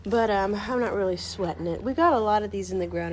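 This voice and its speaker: A woman streamer chatting casually to her viewers while gardening outdoors, excitable and quick to swear. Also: medium pitch, slight background noise, poor audio. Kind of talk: casual gardening vlog chat. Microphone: camera on a tripod.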